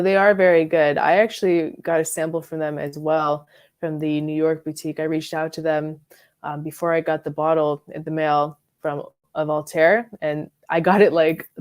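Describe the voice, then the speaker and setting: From her bedroom, a fragrance reviewer and live stream host rambles casually about perfumes, with many fillers and giggles. Her low, darkish voice holds a steady tone at a moderate pace.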